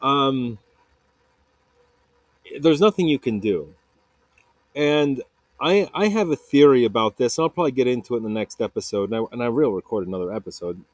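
A man's voice: medium pitch, expressive, moderate pace, long pauses, no room sound. A man in his thirties hosting a podcast, telling a personal story casually, stumbling over repeated words and fillers. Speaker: podcast host.

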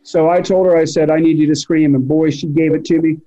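A man with a mellow, fairly high voice recounts a casting story, acting out what he said at the time. The sound is dull and lo-fi, like a remote interview recording. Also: brisk. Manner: animated anecdote teller, quotes himself. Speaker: film director.

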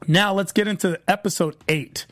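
A man's voice: high voice, steady tone, moderate pace, a bit bright, a little hiss or hum. A man hosting a TV review show, recapping episodes in a casual, rambling way that repeats phrases as he retells scenes.

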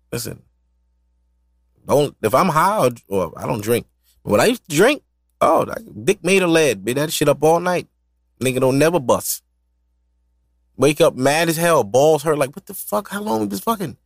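A man's voice: fairly high pitch, very animated, a little slow, long pauses, no echo. A man hosting a solo podcast in loose, profane, rambling casual chat, laughing often. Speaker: podcast host.

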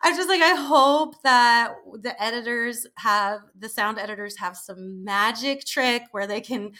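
A woman's voice: on the high side, measured pace, pushed and bright. A woman in her thirties chatting casually as an interview guest, swearing freely and laughing as she tells stories. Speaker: guest performer.

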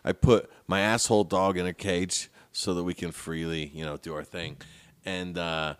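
A man in his forties, a podcast co-host, telling a story in an animated, profane way and laughing as he goes. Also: low voice, moderate pace, clear, resonant tone. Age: 40s. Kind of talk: casual storytelling chat.

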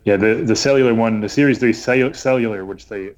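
A man's voice: fairly low pitch, fast talker. A man co-hosting a tech podcast who speaks bluntly and states his opinions firmly. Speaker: podcast co-host. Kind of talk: casual tech podcast chat.

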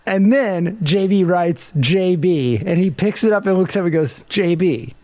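Lively man recapping a movie. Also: high voice, normal speed. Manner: animated, laughs often, acts out quotes. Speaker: podcast co-host. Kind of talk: casual movie recap chat.

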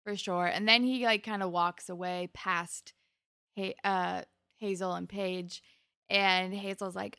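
A young woman chats through a TV episode, often laughing and mimicking characters. Her mid-pitched voice has a gravelly fry, and the sound is dry and close. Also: fairly even intonation, measured pace, bright, forceful tone, no echo. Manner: chatty, laughs often, acts out quotes. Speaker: podcast co-host. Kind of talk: casual TV recap chat.

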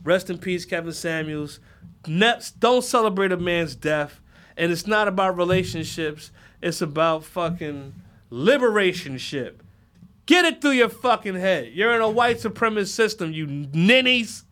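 A man's voice: sits high, lively intonation, measured pace, fairly bright tone. A man hosting his own podcast, ranting heatedly with lots of profanity. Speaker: podcast host. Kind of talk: solo podcast rant.

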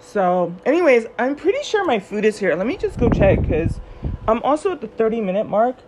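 A young woman with a somewhat high voice hosts a casual solo podcast. She tells a personal story in a loose, chatty way and jumps into lively quoted voices as she goes. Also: fairly quick, slight background noise. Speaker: podcast host.

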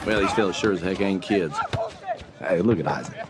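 An actor playing a cheerful, folksy American football coach from Kansas, with a Kansas accent. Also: male voice, low voice, fairly quick, natural voice. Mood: amused. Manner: folksy, easily delighted. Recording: TV clip with clear background noise.

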